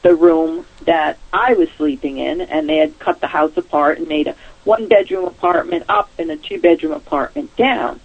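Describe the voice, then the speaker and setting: A woman's voice: sits low, animated, moderate pace, creaky. A woman caller telling a personal ghost story in a chatty way, laughing often as she goes. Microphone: telephone. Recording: tinny phone line.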